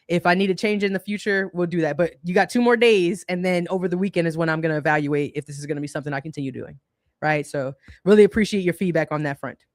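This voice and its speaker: A woman's voice: fairly low pitch, no room sound. Casual woman livestream host, dry close sound. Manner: conversational, colloquial, laughs often.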